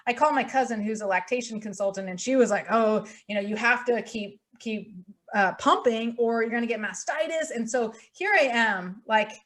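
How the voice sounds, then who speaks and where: Brief: young woman podcast host, high-pitched, animated chatty storyteller. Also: normal speed. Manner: animated storytelling, acts out her own thoughts. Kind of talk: casual chat.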